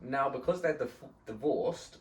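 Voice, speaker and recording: A man hosting a podcast, telling a story in a casual, animated way, swearing often and acting out the people in it. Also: mid-range voice, measured pace, roomy sound, distant mic. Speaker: podcast host.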